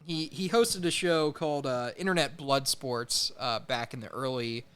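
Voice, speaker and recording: A man's voice: medium pitch, normal speed, a bit bright, clear, resonant tone. A young man co-hosting a comedic podcast, casual and sarcastic, laughing often. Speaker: podcast co-host.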